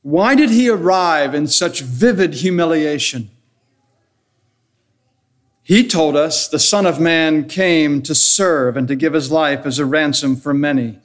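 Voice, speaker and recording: Male pastor, slightly higher voice, earnest and measured sermon delivery. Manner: earnest, measured preaching with rhetorical questions and enumerated points.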